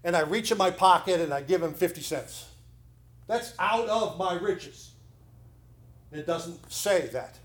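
A middle-aged man preaching to his congregation in a church. He talks in a loose, conversational way, leaning into points with sudden emphasis and casual asides. His voice sits a little high for a man. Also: measured pace, long pauses, husky. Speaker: pastor. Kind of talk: sermon.

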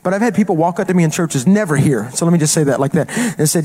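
A man's voice: a little high, lively intonation, fast, hardly any pauses, warm tone. A male traveling evangelist preaching a sermon in an emphatic, colloquial way, repeating phrases for punch.

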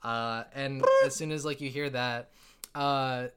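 A man's voice: mid-range voice, fairly even intonation, a little slow, noisy background. A man narrating a tabletop game as game master, rambling with many fillers and frequent laughter.

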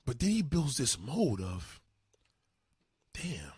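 A man hosting a livestream, ranting in a profane, animated way. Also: mid-range voice, normal speed, breathy edge, no echo, clean studio sound. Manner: profane, animated, swinging delivery. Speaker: livestream host. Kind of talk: ranting comedic commentary.

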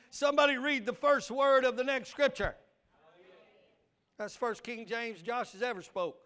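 Man preaching, very high voice, bright and forceful, call-and-response sermon. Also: unhurried, clean tone. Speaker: pastor. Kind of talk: fiery sermon.

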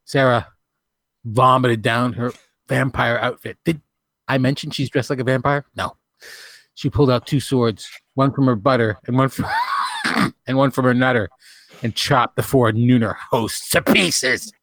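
A man's voice: medium pitch, steady tone, measured pace, fairly bright tone, dry recording. Male podcast host, dry close mic, theatrical comic reader. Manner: dramatic storytelling, breaking into laughs. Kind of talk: comic reading of fan fiction.

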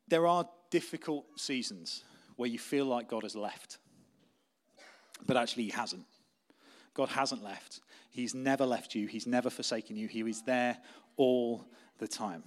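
Young male pastor, mid-pitched, chatty sermon delivery that sinks quiet and intense on key lines. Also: moderate pace. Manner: conversational, anecdotal preaching, softening to quiet intensity.

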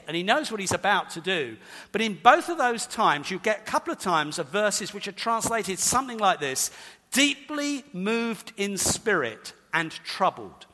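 A man's voice: high-pitched, bright, forceful tone. Emphatic preacher man in an echoing hall. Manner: emphatic, repeats key points; explains scripture conversationally. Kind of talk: sermon.

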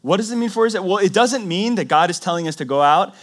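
Male pastor, voice a touch high; dynamic preaching style that drops to a hush for emphasis. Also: expressive, fast. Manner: dynamic preaching, swinging between loud emphasis and hushed near-whisper. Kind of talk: sermon.

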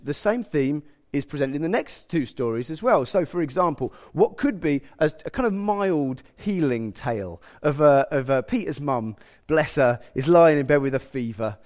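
A man's voice: fairly high pitch, expressive, normal speed, darkish tone. A man preaching a sermon, explaining a passage in a conversational way with frequent self-corrections.

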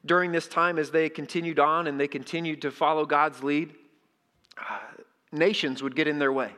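A man's voice: a little high, level tone, moderate pace, bright, forceful tone. A middle-aged male pastor preaching a sermon in a conversational way, often asking the congregation questions. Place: church sanctuary. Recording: echoey hall.

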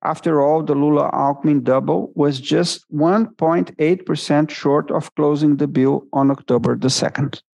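A man from Brazil, giving an academic lecture in English as a seminar guest speaker, measured and deliberate with self-corrections. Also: fairly high pitch, fairly even intonation, vocal fry, a little mellow. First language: Portuguese.

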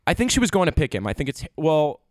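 A man's voice: on the high side, sing-song, fast talker, no room sound, studio quality. A man co-hosting a podcast in casual chat, joking and insisting on his theories. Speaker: podcast co-host.

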